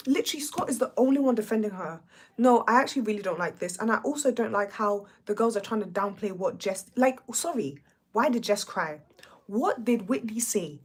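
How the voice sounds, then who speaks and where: Husky woman ranting on stream. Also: medium pitch, moderate pace. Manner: animated, sassy, ranting. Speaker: livestream host. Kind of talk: reality show reaction rant.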